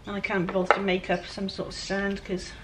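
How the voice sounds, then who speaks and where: This furniture flipper is a Welsh woman narrating a casual DIY vlog outdoors among flies, talking to viewers while working with a chatty, self-deprecating manner over noise. Her mid-range voice is a little fast and delivered completely flat.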